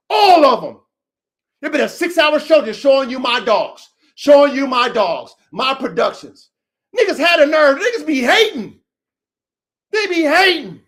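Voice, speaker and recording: Boastful male podcast host, very high voice, profane and loud. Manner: swaggering, profane, repetitive, bursts into shouting. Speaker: podcast host and dog breeder.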